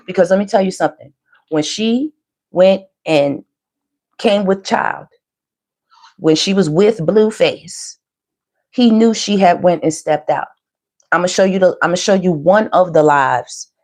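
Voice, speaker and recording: A woman's voice: on the low side, darkish tone. A woman hosting a commentary video who stresses her points by repeating phrases. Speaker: tarot and celebrity commentary host. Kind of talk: commentary over played clips.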